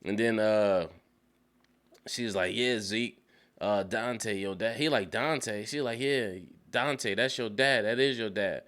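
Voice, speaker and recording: A man casually recapping a TV episode, acting out the characters' lines in quick bursts and laughing often. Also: lowish voice, fairly bright tone, smooth. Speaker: TV show reviewer. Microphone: studio dynamic mic.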